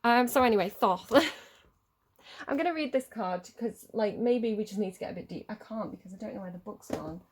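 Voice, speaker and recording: A woman's voice: medium pitch, expressive, fairly quick, a little hiss or hum. A woman giving a rambling, chatty tarot reading straight to camera, swearing freely as she goes. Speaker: tarot reader. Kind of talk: casual tarot reading monologue.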